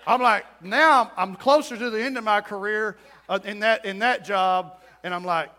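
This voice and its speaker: A man's voice: high-pitched, moderate pace, sharp tone. A middle-aged male pastor preaching a storytelling sermon in a church, acting out quotes and building to emphatic points.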